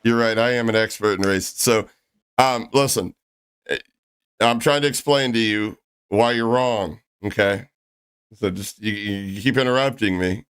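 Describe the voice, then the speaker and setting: Smooth-voiced streamer, calm and sarcastic. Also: male voice, fairly low pitch. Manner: measured, questioning, dryly sarcastic. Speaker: streamer host. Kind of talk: live-stream debate.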